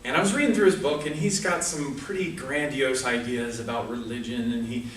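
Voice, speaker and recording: A man's voice: medium pitch, steady tone, fairly quick, fairly bright tone, slight background noise. A man giving a prepared humorous speech at a speaking club, telling a story with comic asides. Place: club meeting room. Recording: echoey room from far off.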